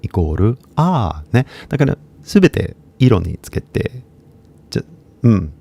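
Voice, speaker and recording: A man with an American English accent and Kansai Japanese, teaching in a casual live-stream lesson, switching between English and Japanese and talking in a relaxed, mumbled way. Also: on the low side, brisk, creaky, slightly rough.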